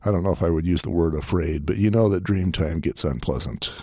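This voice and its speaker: A man hosting an interview, listening attentively and asking gentle, affirming questions. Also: sits low, a little fast. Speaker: podcast host. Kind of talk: interview conversation.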